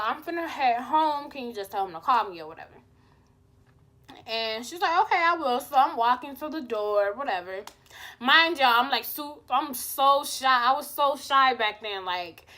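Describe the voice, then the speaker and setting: A woman's voice: high voice, bright, forceful tone. A young woman vlogger telling a personal story in casual chat, acting out the quotes and swearing freely. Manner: chatty, acts out quotes, swears.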